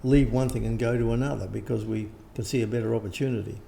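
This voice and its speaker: Older man, gravelly, dark tone, rambling interview talk, faint background hiss. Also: medium pitch, steady tone, fast. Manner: rambling, frequent restarts and throat clearing. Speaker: interviewed teacher. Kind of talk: casual conversation.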